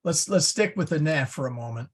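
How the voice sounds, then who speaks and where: A man teaching a Latin class over a video call, halting and explaining patiently with many restarts. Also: on the high side, lively intonation, slightly rough.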